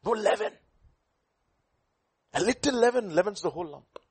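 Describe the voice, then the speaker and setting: A male preacher delivers his sermon in a fairly high voice, swinging his pitch up and down. He keeps throwing questions at his listeners and slips easily into a story. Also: moderate pace, husky. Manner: animated, rhetorical questions, storytelling.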